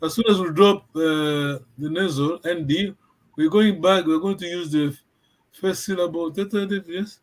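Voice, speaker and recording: A man's voice: sits high, normal speed. A man teaching a language lesson over a video call, patiently checking that his students follow.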